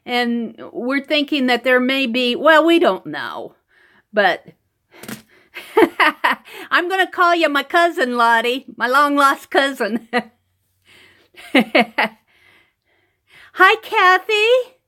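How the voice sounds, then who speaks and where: Woman, art livestream host, chatty, laughs a lot, high bright voice. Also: big pitch swings, slow, pauses often. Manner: chatty, laughs often, greets viewers by name. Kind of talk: casual live-stream chat while painting. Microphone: computer mic over wireless connection.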